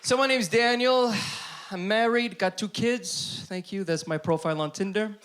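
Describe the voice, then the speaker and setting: A man doing stand-up on a club stage, his voice sitting a little high and turning animated as he acts out the people in his stories. He talks into a handheld stage mic, and the live room carries clear audience noise under him. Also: normal speed, a loud crowd. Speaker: stand-up comedian. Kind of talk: stand-up comedy set.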